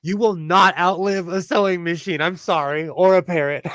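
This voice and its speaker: A man's voice: high voice, fairly even intonation, moderate pace, fairly bright tone, dry recording. A man from California with a Californian accent and a youthful-sounding voice, chatting casually on his sewing livestream, laughing often and restarting his sentences.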